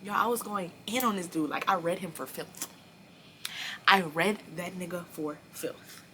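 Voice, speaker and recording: Young woman vlogger, fairly low voice with a forceful, bright edge, telling a profane storytime straight to camera. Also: a little slow, slight background noise. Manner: animated, profane storytelling that speaks straight to viewers. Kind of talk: storytime vlog.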